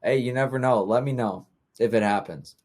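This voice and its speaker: A man's voice: mid-range voice, moderate pace, darkish tone. A young man hosting a podcast, telling casual stories and acting out what others said. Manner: easygoing storytelling with acted-out quotes. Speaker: podcast host. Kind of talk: casual chat.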